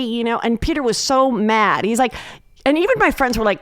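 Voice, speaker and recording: A woman comedian chatting as a guest on a podcast, telling animated stories and acting out quotes. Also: high voice, a little fast, dry recording, studio quality. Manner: animated storyteller, acts out quotes. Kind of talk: casual podcast chat.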